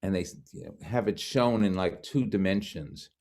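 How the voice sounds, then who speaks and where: A man's voice: sits low, moderate pace, vocal fry, darkish tone. A man in his seventies from Brooklyn, a guest speaker telling a personal story, frank and wry with self-mocking asides. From Brooklyn, New York. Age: 70s.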